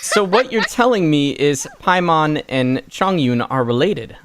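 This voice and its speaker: A man's voice: a little high, big pitch swings, unhurried, background noise. A young man hosting a casual live stream, chatty and trailing off with fillers. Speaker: streamer and host.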